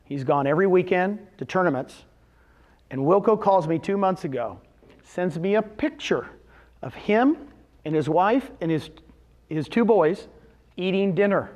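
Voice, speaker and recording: A man giving a live seminar talk to real estate agents, telling success stories and firing questions at the audience. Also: high-pitched. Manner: animated, storytelling with quick questions to the audience. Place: meeting room with a live audience.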